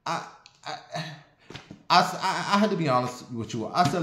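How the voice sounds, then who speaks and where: A man's voice: fairly high pitch, normal speed, slight background noise. Blunt, sassy man in his forties. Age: 40s. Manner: blunt, sassy, profane, animated. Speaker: vlogger. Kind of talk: casual storytelling monologue. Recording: roomy echo.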